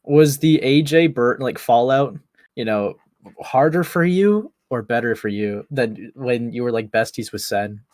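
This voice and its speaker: A man's voice: mid-range voice, measured pace, darkish tone, no echo, studio quality. A young man co-hosting a podcast in casual chat, teasing the guest with short questions and laughter. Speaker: podcast co-host.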